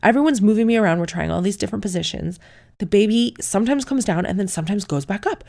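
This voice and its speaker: A woman's voice: mid-range voice, lively intonation, fast, vocal fry, darkish tone. A woman telling her birth story to camera. She talks frankly, swears and laughs often.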